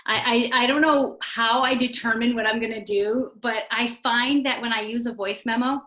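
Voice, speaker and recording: A woman's voice: mid-range voice, pushed and bright, rough recording. A woman chatting on a team call, sharing sales tips in a bubbly, casual way full of "like" and "oh my gosh". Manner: bubbly, uses "like" and "oh my gosh" a lot.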